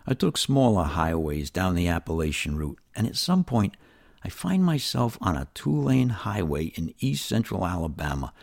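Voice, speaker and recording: An older New Yorker tells his life story in a folksy, conversational way, speaking straight to the listener. His deep voice has vocal fry and is very animated, moving at a moderate pace.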